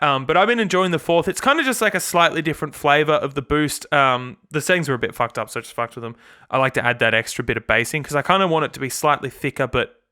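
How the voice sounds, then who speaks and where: A man's voice: medium pitch, pushed and bright, smooth. A young Australian man talking casually about his gear in a rambling, chatty way, swearing now and then. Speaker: guitarist and channel host. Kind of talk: casual gear demo vlog.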